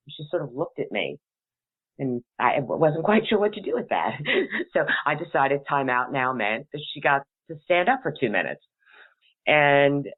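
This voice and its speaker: A middle-aged woman hosting a call-in talk show, telling a family story in a chatty way and laughing between sentences. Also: a bass voice. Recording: tinny phone-like sound.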